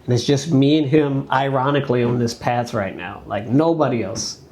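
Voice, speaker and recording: Gravelly man telling a story. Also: mid-range voice, normal speed. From United States. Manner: animated storyteller, acts out quoted speech, loose filler-heavy phrasing. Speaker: dancer guest. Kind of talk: storytelling in a podcast conversation.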